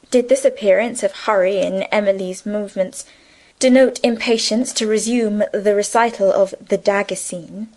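A woman narrating a novel in a measured storytelling manner. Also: medium pitch, a little mellow, poor audio. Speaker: audiobook narrator. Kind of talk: scripted narration.

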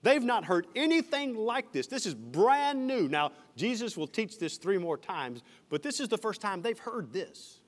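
A man's voice: high-pitched, sing-song, unhurried, few pauses. A man, a senior pastor, preaching an expository sermon verse by verse, with friendly asides to the congregation. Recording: reverberant church hall.

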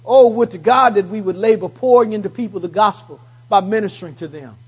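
Fervent high-voiced man preaching a sermon. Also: a little fast, slightly rough, dull audio. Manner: call-and-response preaching, rising to fervent peaks; repeats phrases for emphasis. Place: church service.

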